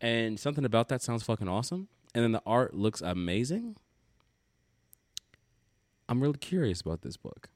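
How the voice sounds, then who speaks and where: A man's voice: medium pitch, big pitch swings, normal speed, long pauses, no echo, clean studio sound. A man hosting a casual podcast about comics, talking loosely and swearing freely. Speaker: podcast host.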